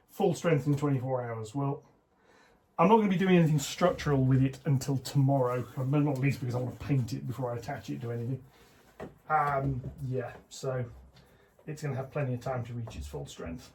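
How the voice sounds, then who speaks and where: A man's voice: mid-range voice, normal speed, a little mellow. A man casually narrating his model railway build as a hobby vlogger, chatty and self-deprecating with plenty of fillers.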